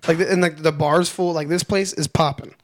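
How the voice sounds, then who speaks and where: A young man, fairly high-voiced for a guy, tells his story with a lot of energy. He acts out every line of dialogue and swears freely, and his pitch jumps all over as he gets worked up. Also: fairly even intonation, a little fast. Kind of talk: casual chat.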